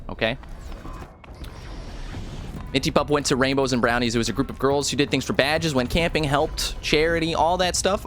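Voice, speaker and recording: A man's voice: on the high side, fairly bright tone. A man from rural America, casually chatting with viewers while playing a game and joking around. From rural United States. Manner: joking, rambling, talks to chat. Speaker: streamer. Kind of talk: casual live gameplay commentary. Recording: faint music behind.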